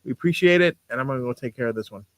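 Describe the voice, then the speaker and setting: A man co-hosting a late-night podcast stream, talking casually with many pauses and fillers, tired at the end of the night. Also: mid-range voice, animated, fairly bright tone, no room sound, poor audio. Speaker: podcast co-host. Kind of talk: casual live-stream chat.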